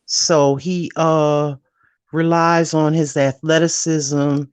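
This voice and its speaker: A woman joining a live stream by call, talking boxing in a measured, hesitant way with many fillers. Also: deep voice, little pitch movement, darkish tone, clear, resonant tone, no echo.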